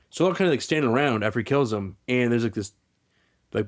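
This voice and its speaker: A man hosting a podcast, retelling a story in casual chat, rambling and animated with lots of restarts. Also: mid-range voice, racing. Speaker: podcast host.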